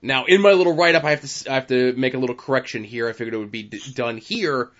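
A man's voice: mid-range voice, quick pace, fairly bright tone, muffled recording. A man hosting a podcast, making upbeat plugs and segment intros in casual chat. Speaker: podcast host.

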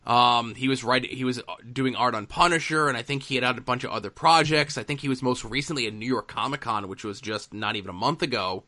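Podcast host guy, bright punchy voice, lots of uhs and you knows, super casual. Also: mid-range voice, quick pace, hardly any pauses. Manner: relaxed, hesitant with many fillers. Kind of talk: casual chat.

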